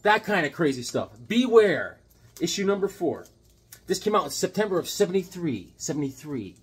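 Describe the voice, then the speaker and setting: Husky, lively man in his fifties. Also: high-pitched, normal speed. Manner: animated and jokey, with sudden loud outbursts. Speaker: comic book collector. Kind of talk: casual chat showing comics.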